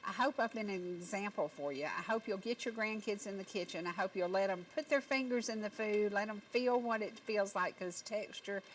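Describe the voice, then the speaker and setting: A woman's voice: medium pitch, brisk, hardly any pauses, a little hiss or hum, low-quality recording. A middle-aged woman with a Southern Appalachian accent, hosting a local talk show and telling folksy stories in country phrasing. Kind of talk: homespun talk show monologue. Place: TV studio set.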